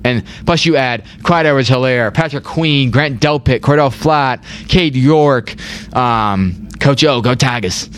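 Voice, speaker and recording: A man's voice: mid-range voice, a little slow. A young man hosting a casual sports chat, rambling, repeating words and saying "like" a lot. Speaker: podcast host.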